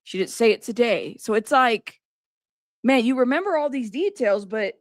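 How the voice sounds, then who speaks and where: Woman streamer, reactive live commentary, fairly high voice, dry close mic. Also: moderate pace, no room sound. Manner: animated, exasperated reactions. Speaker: livestream host.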